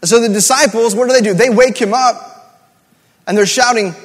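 A man preaches in a light, high voice, conversational and emphatic, hammering home repeated words. A long hall reverb trails behind every phrase. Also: moderate pace, husky. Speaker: pastor. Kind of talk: sermon.

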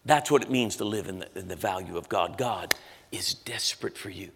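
A middle-aged male pastor preaches a sermon with intense conviction in a church auditorium, his voice deep, creaky, and a little fast. He pushes hard at emotional peaks, rising to shouts while telling a story. The live recording captures a large reverberant hall, faint music, and background noise.

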